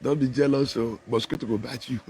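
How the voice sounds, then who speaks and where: A man speaking Nigerian Pidgin mixed with English in a loose, animated live chat about politics, laughing often and preaching a little. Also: mid-range voice, brisk, husky. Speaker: political commentator.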